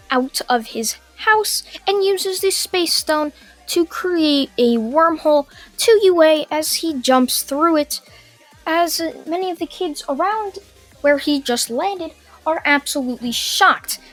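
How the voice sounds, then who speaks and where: High, slow-talking young woman storyteller. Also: fairly bright tone. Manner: run-on, with filler pauses. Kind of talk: casual fan-fiction narration.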